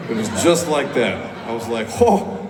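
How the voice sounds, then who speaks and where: Laid-back musician spinning a rambling, cursing yarn from the stage; caught on an audience phone with long hall reverb. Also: male voice, mid-range voice, normal speed. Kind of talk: onstage storytelling between songs. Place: large concert hall indoors. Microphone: stage PA recorded by audience phone. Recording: echoey hall, crowd noise, far off.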